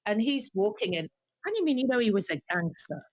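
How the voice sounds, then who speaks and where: A woman singer tells stories in an interview, her pitch leaping all over as she acts out what people said. The sound is dry and close, with no room around her. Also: a little fast, no room sound. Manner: lively, animated anecdotes with acted-out quotes. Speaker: guest singer. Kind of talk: storytelling interview.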